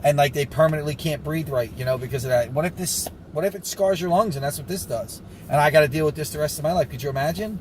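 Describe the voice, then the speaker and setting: A man's voice: fairly high pitch, a little hiss or hum, low-quality recording. A man ranting casually to camera, rambling and sarcastic with lots of asides, a little short of breath. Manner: rambling, sarcastic, fast-talking with frequent asides. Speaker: vlogger recovering from covid.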